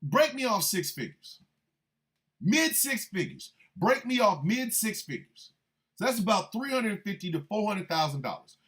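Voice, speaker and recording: A man hosting a radio show, a military veteran, delivering a profane, confrontational monologue that swings from low, menacing threats to shouted outbursts. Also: big pitch swings, moderate pace. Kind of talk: heated monologue rant.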